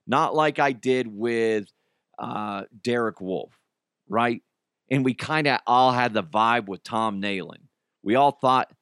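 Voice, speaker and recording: A man riffs in a casual podcast commentary, opinionated and tossing in joking asides. His voice sits at an ordinary middle pitch and sounds a little strained, as if he is saving it. The sound is dry and close, with no room around it. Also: no echo. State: trying not to lose his voice. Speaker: podcast host.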